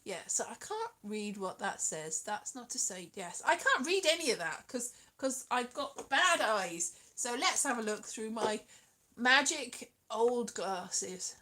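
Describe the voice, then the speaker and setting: A woman's voice: fairly high pitch, big pitch swings, a little slow, pushed and bright. A young woman vlogging in a rambling, giggly, self-mocking way, dropping to mutters and jumping to squeals. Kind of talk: rambling casual vlog chat.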